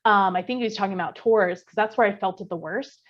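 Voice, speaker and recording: A woman telling a spooky story to a friend on a podcast, chatty and animated, full of fillers and the odd curse. Her voice sits at a middle pitch. The recording sounds a little dull and lo-fi. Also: fast talker. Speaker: podcast co-host. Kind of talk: casual scary storytelling.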